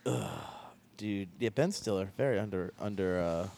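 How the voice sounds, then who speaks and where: A man's voice: lowish voice, normal speed, vocal fry, dark tone. A man co-hosting a podcast in casual chat, bantering crudely and laughing easily. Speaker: podcast co-host.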